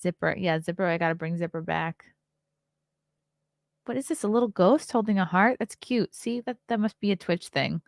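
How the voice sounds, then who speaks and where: A woman in her thirties hosts a loose livestream chat, reading viewer comments aloud and answering them. Her voice sits fairly low for a woman. The sound is close and dry, with no room around it. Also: moderate pace, creaky, no echo. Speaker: podcast host and comedian.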